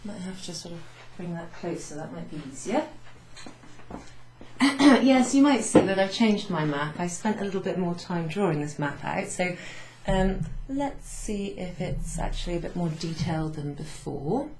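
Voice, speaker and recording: Mellow-voiced woman teaching French. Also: lowish voice, lively intonation, moderate pace, roomy sound, a little hiss or hum. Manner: patient, explains step by step with French examples. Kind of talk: recorded lesson recap.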